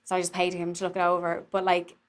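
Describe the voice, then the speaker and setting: A young Irish theatre maker with a Dublin accent chats casually, rambling with many fillers. Her voice is on the low side, monotone, and fast.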